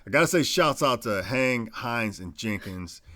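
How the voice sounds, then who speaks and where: A man co-hosting a casual podcast, rambling through shout-outs in a laid-back, profane way. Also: mid-range voice, expressive, a little slow. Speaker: podcast co-host. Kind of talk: casual chat.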